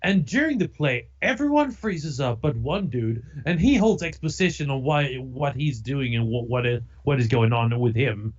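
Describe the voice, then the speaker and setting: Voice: mid-range voice, animated, moderate pace, few pauses, lo-fi sound. A podcast co-host in casual chat, rambling and swearing in exasperation.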